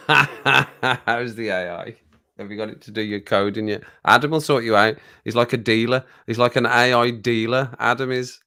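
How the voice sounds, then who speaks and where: A man at a middle pitch who hosts a relaxed livestream. He rambles from one anecdote to the next in a chatty way and laughs easily. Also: moderate pace. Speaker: livestream host. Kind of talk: casual chat with viewers over a drink.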